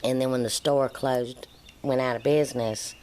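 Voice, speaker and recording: Woman telling an animated story. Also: rumbling low, normal speed, a little hiss or hum. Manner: animated, acts out quoted dialogue. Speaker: vlogger. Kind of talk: casual personal storytelling.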